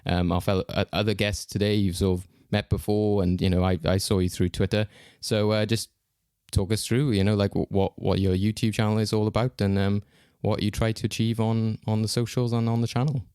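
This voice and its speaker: A man's voice: on the low side, little pitch movement, a little fast, a little mellow, clean tone, no room sound. Chatty male podcast host with a dry mic. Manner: chatty, hesitant with fillers and restarts. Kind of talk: casual podcast chat.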